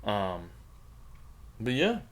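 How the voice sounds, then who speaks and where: Young male podcast co-host, lively swinging pitch, crude and animated. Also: drawn-out words. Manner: animated, swears constantly, laughs a lot. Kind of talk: casual profane chat.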